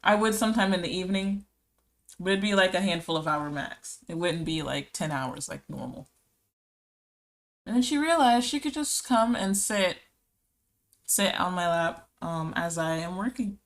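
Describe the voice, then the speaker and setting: A woman's voice: fairly low pitch, animated, moderate pace. A young woman streaming live as an illustrator, chatting casually and rambling through answers to chat messages while she draws. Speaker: art streamer.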